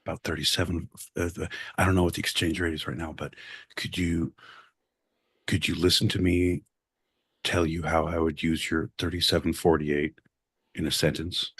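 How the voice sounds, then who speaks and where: A man with a low, husky voice trades jokes on a podcast, swearing freely and rambling from one bit to the next. His delivery is loose, playful and casual. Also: flat delivery, moderate pace, a bit bright. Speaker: podcast co-host. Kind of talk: casual comedic chat.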